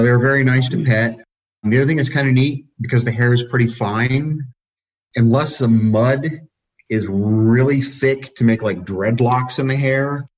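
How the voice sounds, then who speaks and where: A man, a dog-breeder guest on a podcast, telling relaxed anecdotes in a casual way. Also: mid-range voice. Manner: relaxed, anecdotal, chuckles at his own stories. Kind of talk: casual storytelling. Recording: dull lo-fi sound.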